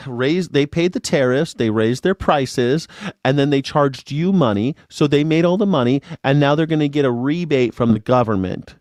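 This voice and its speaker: A man's voice: medium pitch, no room sound, clean studio sound. A man hosting casual political commentary, ranting profanely and sarcastically. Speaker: host.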